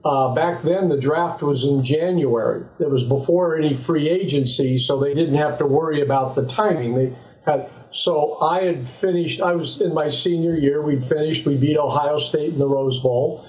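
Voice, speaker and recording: An older man from Southern California, a former pro football player, telling lively anecdotes as an interview guest, often restarting his sentences. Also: fairly high pitch, moderate pace. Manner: animated anecdotes with frequent restarts. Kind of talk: relaxed storytelling in an interview. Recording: echoey, slightly dull sound.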